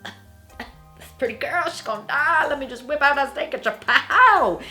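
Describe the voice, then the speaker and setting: A panicky teenage boyfriend stammers and blurts things out in a rush, as a woman puts him on. The voice sits higher than her usual tone and rings bright. It comes across as comic book-review role-play. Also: expressive, soft background music. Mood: panicked. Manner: stammering, hurried.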